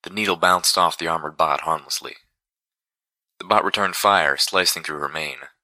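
Low-voiced man reading a fantasy audiobook, crisp sharp tone, dry close sound. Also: normal speed, no echo. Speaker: audiobook narrator. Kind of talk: first-person fiction narration.

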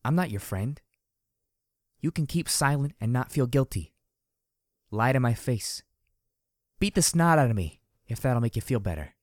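A man voicing a blunt, impudent female pony who speaks dryly and firmly, with a calm side beneath. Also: mid-range voice, normal speed, long pauses, no room sound, voice pushed up, lightly acted. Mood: steady, blunt. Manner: dry, firm, matter-of-fact. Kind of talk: audiobook character voice.

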